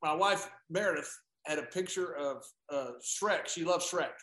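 A man telling anecdotes in a casual chat, animated and acting out what people said, often laughing. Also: a little high, normal speed, echoey room.

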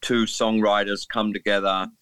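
A man in his sixties from England chats as an interview guest, telling stories in a rambling, amused way. His voice is bright and forward, recorded dry and close with no room sound. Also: on the low side, little pitch movement, normal speed, smooth, no echo. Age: 60s. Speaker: musician guest. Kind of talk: casual interview chat.

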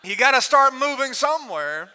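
High bright-voiced man preaching with humor. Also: moderate pace, smooth. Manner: animated, laughs often, humorous asides. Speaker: guest preacher. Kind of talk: storytelling sermon.

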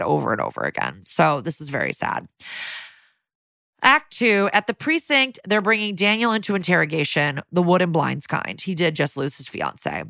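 A woman's voice: on the low side, very animated, moderate pace, creaky, pushed and bright, no room sound. Chatty woman recapping a crime show. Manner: chatty, quotes characters in little voices. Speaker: podcast co-host. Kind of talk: casual recap chat.

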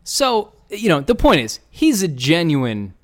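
A man's voice: fairly high pitch, unhurried. A man, telling a story in casual podcast chat and acting out the voices of people in it. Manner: animated storyteller, acts out quoted voices.

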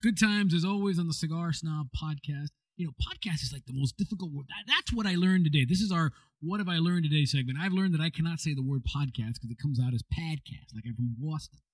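A man hosting a podcast in casual chat, jokey and animated. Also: fairly high pitch, fast, hardly any pauses, husky, no echo. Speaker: podcast host.

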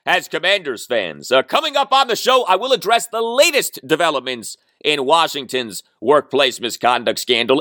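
Animated, bright-voiced male sports podcast host. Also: a little high, dry recording, clean studio sound. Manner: animated, emphatic, sardonic asides. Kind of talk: sports talk podcast monologue.

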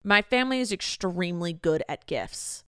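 A young adult woman co-hosting a podcast in casual chat, joking and reacting quickly. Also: fairly low pitch, animated, bright, forceful tone, smooth, no echo, studio quality. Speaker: podcast co-host.

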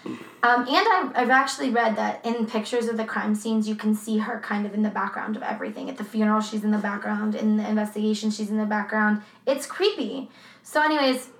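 A woman's voice: medium pitch, fairly even intonation, a little fast, fairly bright tone, echoey room. A woman co-hosting a true crime podcast in a casual, swearing, laughing chat. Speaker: podcast co-host.

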